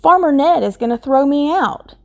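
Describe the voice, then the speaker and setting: A woman voicing a cheerful, sweet male scarecrow in a storybook reading, in a bright, sing-song, eager voice. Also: on the high side, very animated, slow, pitched above the performer's own voice, heavily acted. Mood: worried.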